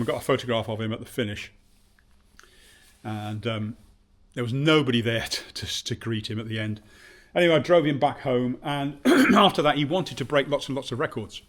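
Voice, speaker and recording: A man speaks casually to camera from his bike shop, his pitch sitting in an ordinary middle range. He rambles and restarts, scattering fillers as he looks back, and slips into remembered conversations as he retells them. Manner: rambling with many fillers and restarts, acts out quoted dialogue. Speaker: bike shop owner and vlogger. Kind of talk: casual reminiscing vlog.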